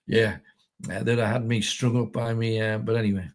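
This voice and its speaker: A man's voice: lowish voice, level tone, unhurried. A middle-aged man from North East England, hosting a casual, rambling livestream chat, reading viewer comments and telling jokes in a self-deprecating way. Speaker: host.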